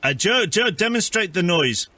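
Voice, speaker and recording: A man's voice: high voice, expressive, normal speed, sharp tone, no echo, voice pushed up. A man putting on a stammering South African neighbourhood watch man. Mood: insistent. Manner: hesitant, stammering. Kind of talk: prank phone call role-play.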